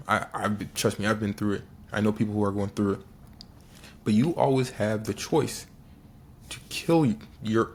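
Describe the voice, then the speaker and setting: A young man with a fairly low voice talks straight to the listener in a casual motivational monologue. He is earnest and repetitive, restarting phrases and saying key lines twice to drive them home. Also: creaky, a little mellow. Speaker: motivational speaker.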